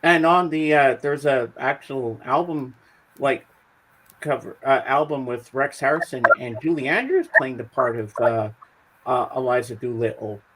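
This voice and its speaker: A man's voice: mid-range voice, animated, moderate pace, fairly bright tone, slight background noise, rough recording. A man co-hosting a casual chat, upbeat and talkative, eager to share favorites. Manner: upbeat, chatty, bursts into song snippets. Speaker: regular co-host.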